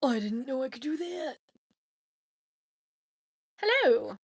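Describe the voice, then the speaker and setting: A woman's voice: mid-range voice, lively intonation, moderate pace, vocal fry, fairly bright tone, no echo. Bubbly chatty woman, dry close sound. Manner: chatty, giggly, talks to herself. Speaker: livestream host. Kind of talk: casual livestream chat.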